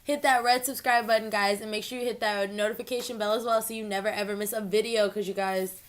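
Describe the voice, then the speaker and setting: A woman's voice: mid-range voice, fairly even intonation, fast talker. Bubbly young woman vlogging while eating. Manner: bubbly, chatty, lots of "like" and "ooh". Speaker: mukbang vlogger. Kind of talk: casual chat to camera while eating.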